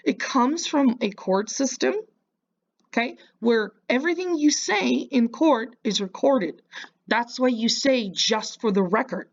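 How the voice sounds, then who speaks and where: A woman's voice: a little high, expressive, measured pace, highs cut off. A woman giving casual reaction commentary, mocking and lecturing the person in a clip.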